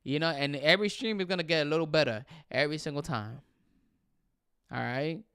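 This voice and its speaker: A young man hosts a casual livestream, chatting with viewers and reading their comments aloud. He switches easily between English and Spanish in an animated way. His voice sits a little high, smooth and clear, recorded dry and close. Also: fairly quick, dry recording. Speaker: livestream host.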